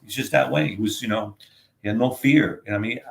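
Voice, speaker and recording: An older man, a guest and author, tells rambling, profane stories casually, saying "you know what I mean" a lot. His mid-range voice is creaky and fast.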